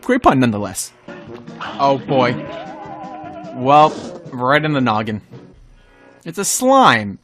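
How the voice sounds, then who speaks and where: Brief: excitable male gamer host, high pitched, bright, yelps at the game. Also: slow, pauses often, soft background music. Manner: talks to himself and the enemies. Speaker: gaming YouTuber. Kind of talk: excited gameplay commentary.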